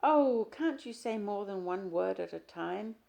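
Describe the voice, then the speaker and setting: A woman's voice: mid-range voice, animated, a little slow, gravelly, warm tone, pitched above the performer's own voice. A woman reading the lines of an insecure, jealous young woman in an audiobook, asking pleading, needling questions. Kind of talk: audiobook character dialogue.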